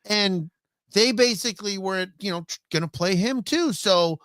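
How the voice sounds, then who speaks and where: A man's voice: high voice, moderate pace, fairly bright tone, no echo, clean studio sound. A man co-hosting a podcast, telling crude stories bluntly in casual profane chat. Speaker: podcast co-host.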